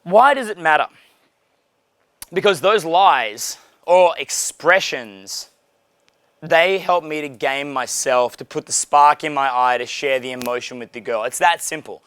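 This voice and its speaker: A man in his thirties, a dating coach giving casual, profane, animated coaching talk and acting out dialogues. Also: fairly high pitch, measured pace, clean tone, no echo, clean studio sound. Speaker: pickup coach.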